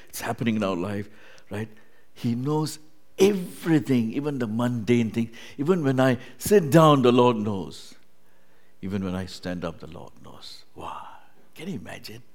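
A man preaching a sermon, who keeps saying "you know" and "right?" and swings from booming emphasis down to hushed, almost whispered lines. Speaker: pastor.

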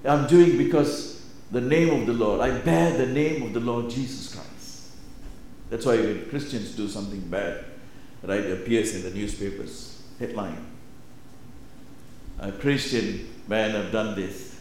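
A man preaching a sermon, swinging between hushed and loud emphatic phrases and repeating them. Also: on the low side, measured pace, a little hiss or hum. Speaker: pastor. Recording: very echoey room.

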